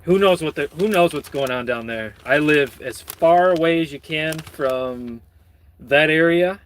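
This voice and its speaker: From Michigan, this channel host reads the news aloud and rambles through sardonic, heavily profane remarks. He speaks at a measured pace in a voice on the high side.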